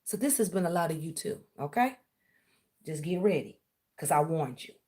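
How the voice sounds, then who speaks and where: Woman w/ going off on someone, sarcastic and scolding, voice a bit low. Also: lively intonation, moderate pace, warm tone. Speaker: vlogger. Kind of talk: confrontational callout rant.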